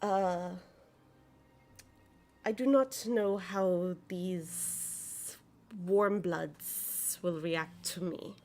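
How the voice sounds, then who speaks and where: A woman voicing a wary cold-blooded reptilian woman who speaks slowly and formally in a tabletop game. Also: fairly low pitch, a little mellow, a little hiss or hum. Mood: uneasy. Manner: slow, halting, formal speech.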